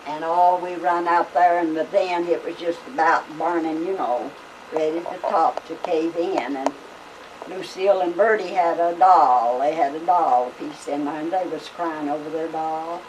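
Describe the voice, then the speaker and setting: A woman's voice: sits low, fairly even intonation, unhurried, darkish tone. Older woman with a drawl. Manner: folksy, rambling, with many fillers. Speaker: family storyteller. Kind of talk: casual storytelling. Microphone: camcorder microphone. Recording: home video camera from a distance, faint hiss.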